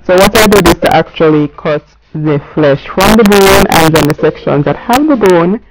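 A woman's voice: lowish voice, lively intonation, normal speed, heavy background noise. A woman giving a casual cooking voice-over, chatty and talking straight to her viewers. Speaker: cooking channel host.

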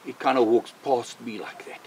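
An older man, a missionary, telling a personal faith testimony in an animated way, repeating phrases for emphasis. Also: medium pitch, moderate pace, breathy edge, rough recording. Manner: animated, vivid storyteller who repeats himself for emphasis.

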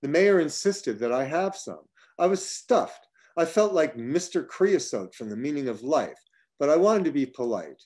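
A man reading his own personal travel essay aloud, measured and slowing through long lists, breaking off now and then for casual asides. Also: a little high, very animated, darkish tone. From United States (upstate New York).

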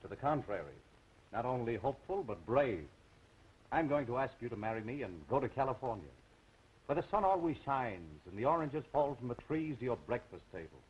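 An actor playing a brash, sarcastic suitor in a 1930s film. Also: male voice, medium pitch, very animated, fairly quick, a little mellow, natural voice. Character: cocky young male suitor. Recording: dull 1930s film soundtrack, faint hiss.

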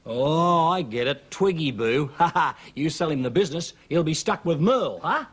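A dim, bragging Australian bloke, played by a man, who blurts and stammers in a high, bouncy voice. He plays in a studio sitcom on old TV tape with loud clicking noise behind him. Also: expressive, moderate pace, natural voice. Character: dim, boastful, bumbling middle-aged man. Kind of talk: 1980s studio sitcom acting.

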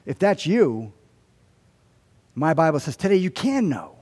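A man preaching from the pulpit, his slightly high voice swinging up and down as he tells stories with humor and acts out what people said. His words ring with the long reverb of a church hall. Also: measured pace. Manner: animated storytelling with humor and acted-out quotes. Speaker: pastor. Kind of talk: sermon. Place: church sanctuary.

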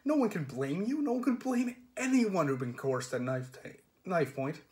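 A young upper-class killer, as a storyteller puts him on, bright and courteous with a lifted, lilting voice. The calm good manners never slip while he threatens, and that is what makes him chilling. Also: a little high, moderate pace, pitched above the performer's own voice. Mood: pleasantly menacing.

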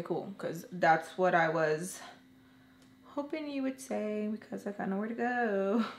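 Doing her makeup, a young woman vlogger shares a personal storytime and chats casually with her viewers. Her mid-range voice has a fairly bright tone, and the recording carries a roomy echo.

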